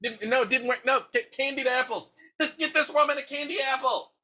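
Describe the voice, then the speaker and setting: A man's voice: extremely high pitch, steady tone, brisk, sharp tone, pitched above the performer's own voice, full character voice. A man voicing a cheerful, fussy little female kender leader who gets flustered in a tabletop game. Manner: flustered, chirpy, apologetic.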